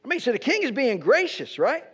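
A man's voice: extremely high pitch, huge pitch swings, a little fast, fairly bright tone, husky. A man preaching a teaching sermon in a conversational way, often checking in with his listeners by asking "right?". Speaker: pastor. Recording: dull lo-fi recording.

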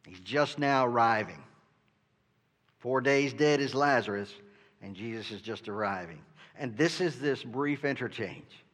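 A man's voice: medium pitch, expressive, a little slow, fairly bright tone. A male pastor preaching a sermon in an earnest way, often asking "right?" and stumbling over the starts of his sentences. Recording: long reverb from a hall.

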